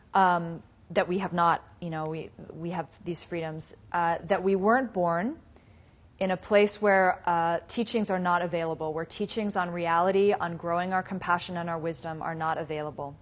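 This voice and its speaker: Here a woman's fairly low voice moves at a moderate pace as she teaches a live Buddhist meditation class. She's conversational and anecdotal, leaning on "you know" and asides, and her stories are often broken by soft laughs.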